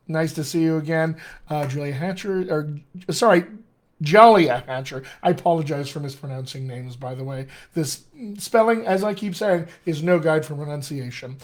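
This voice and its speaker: An American man, a dialect coach, teaching casually on a live stream, chatting with viewers and using many fillers. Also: fairly high pitch. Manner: chatty and filler-heavy, greets viewers by name.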